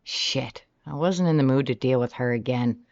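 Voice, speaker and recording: An audiobook narrator reading a romance novel in the first person, animated and shifting pitch often from line to line. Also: normal speed, dry recording. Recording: slightly dull, dry recording.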